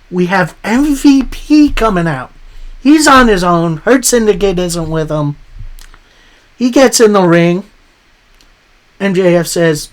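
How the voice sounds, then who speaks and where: A man hosts a casual wrestling recap, his voice sitting high as he speaks at an unhurried pace. He retells the show's promos in his own words and openly reacts with surprise.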